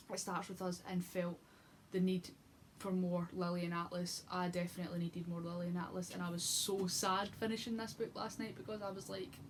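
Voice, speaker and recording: A woman's voice: mid-range voice, a little hiss or hum. Gushing chatty young woman. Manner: gushing and chatty, full of fillers and restarts. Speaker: book vlogger. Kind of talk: casual book review.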